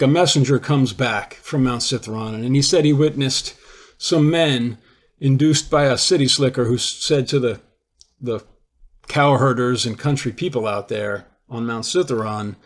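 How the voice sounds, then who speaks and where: A man giving an informal lecture. He retells a classic play in a conversational storytelling way, with frequent restarts. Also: medium pitch. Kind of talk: informal lecture explaining a theory.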